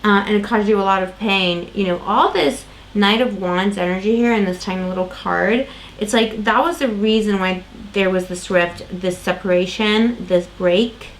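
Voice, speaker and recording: A woman's voice: medium pitch, moderate pace, slight background noise, poor audio. A woman doing a casual tarot reading, talking in a loose, rambling way with lots of fillers and restarts. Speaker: tarot reader.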